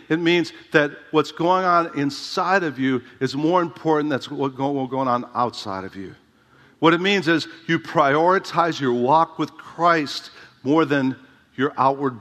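A man's voice: fairly high pitch, a bit bright. A man preaching a sermon as a pastor, emphatic and conversational, often asking the congregation rhetorical questions. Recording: reverberant hall.

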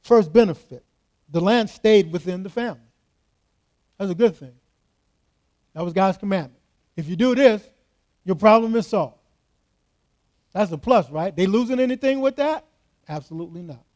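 A man's voice: sits high, animated, normal speed, long pauses, a little mellow. A man preaching a sermon to his congregation in church, emphatic and repetitive as he speaks directly to the people in front. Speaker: pastor.

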